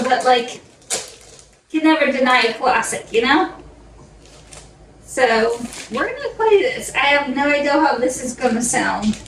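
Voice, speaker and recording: High-voiced young woman vlogging at home. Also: a bit bright, a little hiss or hum. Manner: chatty, fond baby talk to her dog. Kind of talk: casual vlog chat. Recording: roomy echo, mic at a distance.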